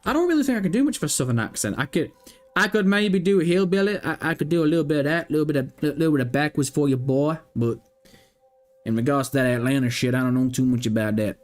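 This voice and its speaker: A man's voice: a little high, fast talker. A man hosting a casual livestream, reading viewer messages aloud and rambling through his answers while swearing freely. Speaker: livestream host. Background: faint background music.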